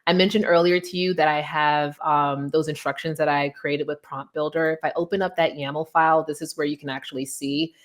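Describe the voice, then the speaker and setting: A young woman giving a casual software demo, chatty and loose, with plenty of fillers as she walks through the steps. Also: low-pitched, fairly even intonation, a little fast, few pauses. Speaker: guest presenter demoing software. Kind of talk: casual tech demo chat.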